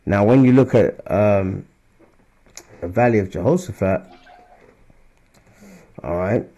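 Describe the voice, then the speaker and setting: Slow and warm, with a lowish pitch, a religious teacher offers casual scripture teaching. He speaks conversationally, peppers in "all right?" and "man", and lifts his voice for the verses he reads out.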